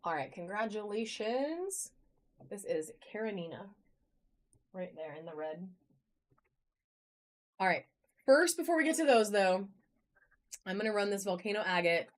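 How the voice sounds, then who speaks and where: On a live online auction shot with a phone camera, a woman shows items and greets viewers by name in bubbly, chatty sales talk. Her medium-pitched voice swings widely in pitch, and she is unhurried, pausing often.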